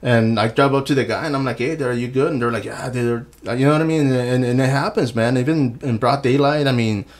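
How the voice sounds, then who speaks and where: A man's voice: mid-range voice, fast, few pauses. A man in his forties hosting a podcast, rambling in casual chat with many fillers and calling people man and bro. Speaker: podcast host. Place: podcast studio.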